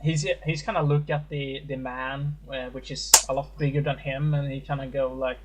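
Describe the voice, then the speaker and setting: A man's voice: medium pitch, little pitch movement, normal speed, heavy background noise. A man running a tabletop game as game master, narrating hesitantly with many fillers.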